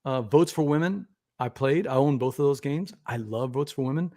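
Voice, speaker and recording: A man hosting a casual live board-game show, talking in a relaxed, rambling way. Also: medium pitch, moderate pace. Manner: relaxed, rambling, frequent restarts. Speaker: podcast host.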